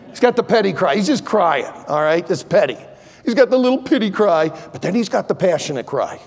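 Impassioned older preacher in a reverberant church. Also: male voice, lively intonation, fairly quick, gravelly. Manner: impassioned, swings from loud pleading to low asides. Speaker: pastor. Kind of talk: sermon. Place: large church sanctuary.

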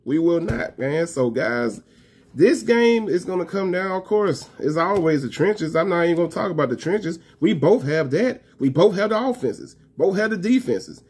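Husky, emphatic male fan vlogger. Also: high-pitched, expressive, a little mellow. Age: 30s. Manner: emphatic, repetitive, slangy, calls viewers fam; talks fast. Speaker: college football fan vlogger. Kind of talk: casual fan rant to camera.

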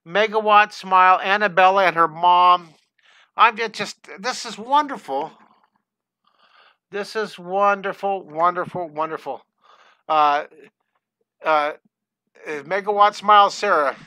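An older man, a drawing teacher, greeting viewers by name in a live online lesson, excitable and scattered, talking into a headset mic at home. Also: sits high, clean tone, no echo. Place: home studio.

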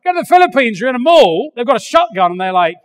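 An older English man preaching a sermon, animated and joking, acting out little voices as he goes. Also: extremely high pitch, fast, in a large hall. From England. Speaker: pastor. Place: large church hall.

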